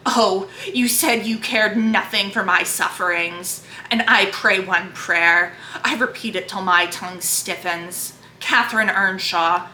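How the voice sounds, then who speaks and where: A grief-maddened, brooding man pours out his rage and longing, as a woman reads him aloud. The reading is impassioned and dramatic, in a bright voice. It bounces around an echoey room. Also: mid-range voice, a little hiss or hum. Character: grief-mad brooding man raging at his dead love.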